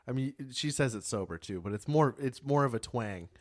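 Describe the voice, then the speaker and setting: Young male co-host, unhurried delivery, loose and profane, quick to laugh. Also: medium pitch, slight background noise. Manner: laughs often, swears freely, tries out regional accents. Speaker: podcast co-host. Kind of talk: casual chat.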